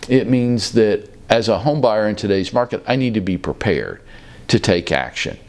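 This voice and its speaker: A man in his fifties hosting a casual talk show from his office, telling stories in a relaxed, folksy, chatty way. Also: fairly low pitch, normal speed. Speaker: real estate brokerage leader hosting a show.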